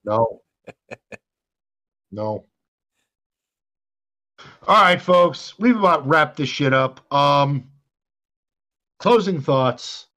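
A man's voice: a little high, expressive, very slow, pauses often, bright, forceful tone. An older man co-hosting a podcast, ranting in a profane, exasperated way. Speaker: podcast co-host. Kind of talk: casual podcast rant.

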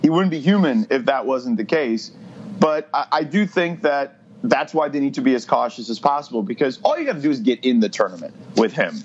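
A man's voice: medium pitch, big pitch swings, fairly quick, highs cut off, a little hiss or hum. A man who hosts a sports radio show, talking basketball on a podcast in a blunt, matter-of-fact way. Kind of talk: casual sports talk.

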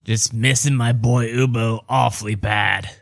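A man's voice: medium pitch, steady tone, unhurried, gravelly, no echo, clean studio sound. A man doing a dazed, apologetic father.

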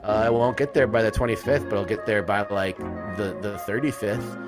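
Over music, an American host wraps up his college sports fan podcast in a lowish, brisk voice. He rambles and jokes, cursing freely and using many fillers.

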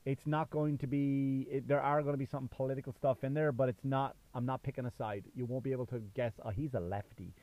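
A man's voice: medium pitch, level tone, quick pace, hardly any pauses, a little mellow, no room sound. A man in his thirties with a faded Irish accent, a comedian hosting his own podcast, talking casually and rambling with many fillers and restarts. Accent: Irish, worn down by years in the US. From Ireland. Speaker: podcast host and stand-up comedian. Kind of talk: casual solo podcast monologue.

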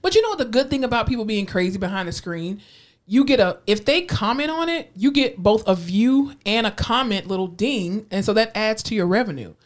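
A woman's voice: fairly high pitch, expressive, brisk. Chatty woman podcast co-host. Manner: chatty, laughs often, swears casually. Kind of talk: casual chat.

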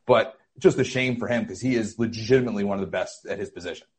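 A man's voice: fairly low pitch, fast talker, breathy edge. A man from Boston, a guest on a sports podcast, chatting casually with lots of fillers. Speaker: guest writer. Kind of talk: casual chat.

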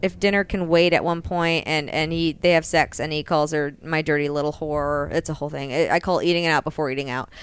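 A woman co-hosting a podcast, casually retelling a romance novel in a lively, animated way, acting out the characters' lines and swearing freely. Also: low voice, fast, few pauses, smooth. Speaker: podcast co-host.

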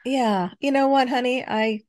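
A middle-aged woman, co-hosting a casual podcast chat with her daughter, affectionate and quick to laugh. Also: high-pitched, a little mellow. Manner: affectionate, chatty, laughs often. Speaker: podcast co-host.

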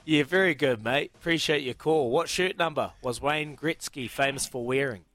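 A man's voice: medium pitch, fairly bright tone, soft background music. A man with a New Zealand accent hosting a radio sports quiz, jokey, laughing and calling callers mate. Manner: jokey, quick to laugh, calls everyone mate. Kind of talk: breezy radio banter.

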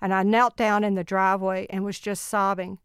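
A woman in her sixties, a mother of ten, telling family stories in an earnest, animated way with laughs along the way. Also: mid-range voice, a little fast, clean tone, dry recording, clean studio sound. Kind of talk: personal storytelling in an interview.

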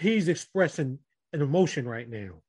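A man's voice: fairly high pitch, lively intonation, normal speed, darkish tone, husky. Man telling a story in a group chat. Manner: earnest storytelling, addresses the group directly. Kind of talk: casual group podcast chat.

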